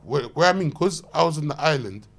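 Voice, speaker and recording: A man, telling loud, slang-heavy, swearing stories as a podcast guest. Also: fairly high pitch, animated, brisk. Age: 30s. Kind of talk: animated anecdote telling.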